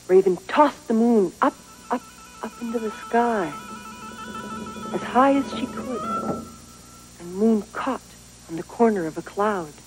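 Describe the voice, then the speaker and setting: A woman reading a storybook aloud, with slow, expressive storytelling. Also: mid-range voice, low-quality recording. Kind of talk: read-aloud storybook narration.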